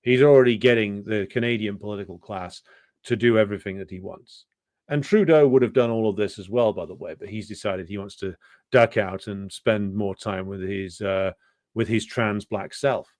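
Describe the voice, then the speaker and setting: A man with a fairly low voice delivers an off-the-cuff political commentary monologue. He is sardonic and scornful and drops in profanity. His speech is full of fillers and restarts, and it is recorded dry with no room echo. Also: moderate pace, a little mellow. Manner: loose, unscripted delivery with many fillers.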